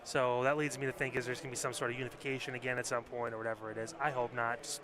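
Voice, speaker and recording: A man's voice: mid-range voice, level tone, racing, noisy background. A man co-hosting a wrestling podcast in casual chat, blunt and swearing freely. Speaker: podcast co-host.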